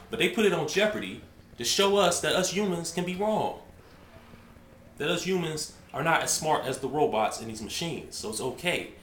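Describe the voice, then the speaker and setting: A man's voice: medium pitch, big pitch swings, fairly quick, fairly bright tone, echoey room, a little hiss or hum. A man talking to camera in a rambling, emphatic way, often restarting his sentences. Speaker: vlogger. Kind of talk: casual monologue to camera.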